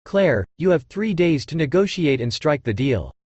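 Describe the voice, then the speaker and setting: A man's voice: on the high side, very animated, moderate pace, darkish tone, slightly rough, no room sound, muffled recording. A man voicing a stern, commanding elderly matriarch in an audiobook, speaking curtly. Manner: commanding, curt.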